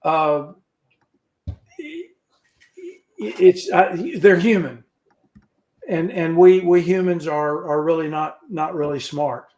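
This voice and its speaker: A man teaching an informal scripture lesson over a video call, halting and folksy, with joking asides. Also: fairly high pitch, fairly even intonation, a little mellow. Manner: halting, with frequent restarts. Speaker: Bible study teacher.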